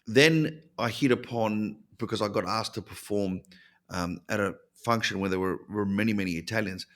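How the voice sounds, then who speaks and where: A middle-aged man with an Australian accent, a comedian guest chatting casually in an interview, telling stories with lively restarts. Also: lowish voice, moderate pace. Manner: lively storyteller with many restarts.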